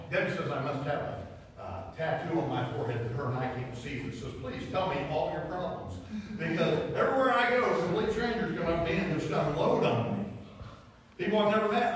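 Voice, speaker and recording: A man preaches in a folksy, storytelling way, building to emphatic points. His slightly high voice rings through a church hall, picked up from a distance with a long, echoing tail. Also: a little hiss or hum. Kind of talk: sermon. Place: church sanctuary.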